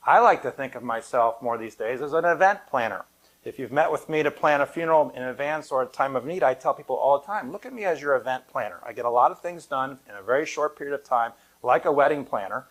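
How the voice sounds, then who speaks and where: A middle-aged man speaks to a gathered audience as a funeral director, easing into stories with light humor. His pitch sits in an ordinary middle range, and his delivery stays conversational and unhurried. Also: animated. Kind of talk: live public talk to an audience. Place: event room at a funeral home, with an audience present.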